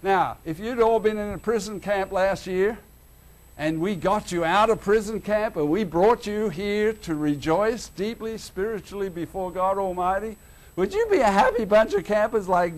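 Australian male preacher, high voice, lively delivery that swings between soft and booming. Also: normal speed. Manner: animated, swings between loud and hushed. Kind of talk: sermon.

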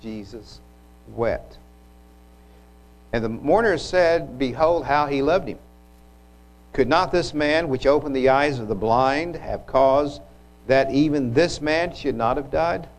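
Slow-speaking man giving a sermon. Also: a little high, poor audio. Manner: unhurried, reflective, with occasional restarts. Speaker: preacher. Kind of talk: sermon retelling scripture.

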